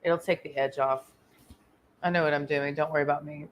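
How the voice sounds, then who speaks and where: A woman's voice: sits low, fairly even intonation, fairly quick. A woman from Texas ranting in a crude, confrontational vlog monologue, swearing constantly and rambling with trailing "and"s. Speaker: vlogger.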